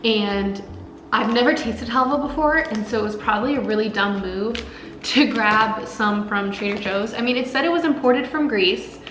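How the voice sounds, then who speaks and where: A woman's voice: on the high side, normal speed, a bit bright, reverberant, a little hiss or hum, poor audio. A young woman casually chatting through a cooking and eating vlog, upbeat and full of filler words. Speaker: food vlogger.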